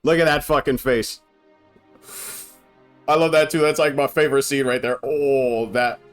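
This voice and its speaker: A man's voice: mid-range voice, fairly even intonation, a little slow, soft background music. A young man riffing comedically over an old film, loose and irreverent. He swears freely and laughs at his own jokes in a casual, unscripted way. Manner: irreverent, profane, laughing often. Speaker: film commentator.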